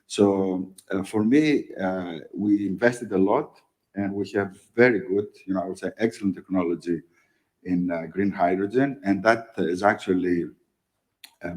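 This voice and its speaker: Low-voiced man, halting speech. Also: a little mellow, low-quality recording. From Greece. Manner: halting, many fillers, emphatic "okay?" tags. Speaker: company executive. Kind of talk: panel interview answer.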